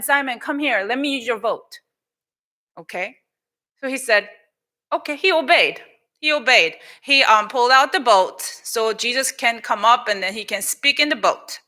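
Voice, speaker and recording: A woman with a Korean accent giving a children's sermon in a church, telling a Bible story in an animated way, acting out the people in it and switching between English and Korean. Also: on the high side, normal speed. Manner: animated, acts out quoted lines. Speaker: pastor. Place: church sanctuary.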